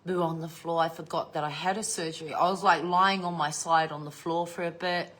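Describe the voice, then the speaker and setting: A woman's voice: lowish voice, steady tone, fairly quick, a bit bright. An older woman, chatting casually to camera, swearing freely and laughing often as she tells stories. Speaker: vlogger.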